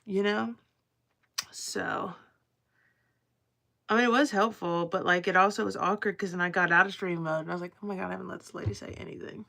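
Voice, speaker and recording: Gravelly-voiced woman chatting on a livestream. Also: medium pitch, fairly even intonation, brisk, long pauses, pushed and bright. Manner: rambling and profane, chatting to her viewers. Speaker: live streamer. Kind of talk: casual livestream chat to viewers. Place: at home, crafting.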